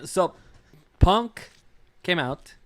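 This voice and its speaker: A man's voice: high-pitched, expressive, very slow, a bit bright, no room sound, studio quality. A man hosting a wrestling podcast in loose, casual chat, with lots of fillers and frequent laughs. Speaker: podcast host.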